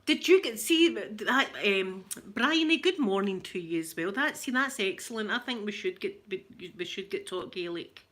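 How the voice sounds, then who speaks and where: Chatty Glaswegian woman, bright voice. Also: mid-range voice, expressive, moderate pace, few pauses. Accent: Glaswegian Scottish. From Scotland. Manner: chatty and joking, with bursts of laughter. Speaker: livestream host chatting with viewers. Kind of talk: casual live-stream chat.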